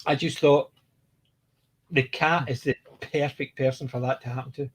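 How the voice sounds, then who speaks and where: A man's voice: medium pitch, fairly even intonation, normal speed, breathy edge. A man chatting casually about a TV show, rambling and restarting his sentences. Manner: rambling, restarts often, laughs while retelling jokes. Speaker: podcast co-host. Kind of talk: casual TV discussion.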